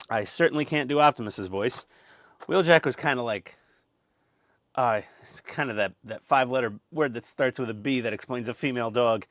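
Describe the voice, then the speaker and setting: A man with a middle-pitched voice hosts a relaxed model-kit build, cracking jokes and rambling as he unpacks parts. He talks into a lapel mic, teasing himself along the way. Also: no echo, studio quality. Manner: jokey, self-mocking, rambling. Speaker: host. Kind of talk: casual hobby build vlog.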